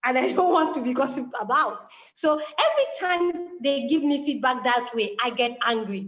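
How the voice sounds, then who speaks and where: A woman's voice: high-pitched, normal speed, few pauses, a bit bright. A woman guest speaker, explaining through a personal story full of quoted dialogue. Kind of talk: conversational explanation. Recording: dull lo-fi sound.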